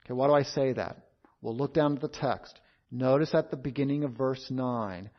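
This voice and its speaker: A man preaching an expository sermon in a measured, emphatic way, repeating key phrases. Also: medium pitch, animated. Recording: dull lo-fi sound.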